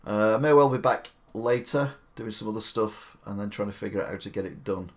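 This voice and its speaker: Rambling man, lowish voice. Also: brisk. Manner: chatty, opinionated, rambling asides. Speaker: live-stream host. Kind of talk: casual live-stream commentary.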